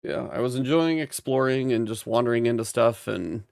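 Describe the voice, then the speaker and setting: A man's voice: medium pitch, normal speed, gravelly, darkish tone, no echo, clean studio sound. A man co-hosting a podcast, rambling in an easygoing way about games he has played. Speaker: podcast co-host. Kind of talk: casual podcast chat.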